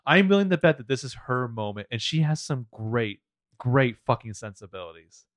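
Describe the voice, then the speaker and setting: An American man co-hosting a podcast, chatting casually, swearing often and narrating scenes with quick laughs. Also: medium pitch, lively intonation, no echo. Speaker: podcast co-host. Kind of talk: casual recap chat.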